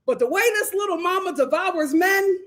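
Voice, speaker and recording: A woman hosting a live reality show recap, talking dramatically, laughing and mimicking the cast in hushed voices. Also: extremely high pitch, animated, moderate pace. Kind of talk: animated live recap commentary.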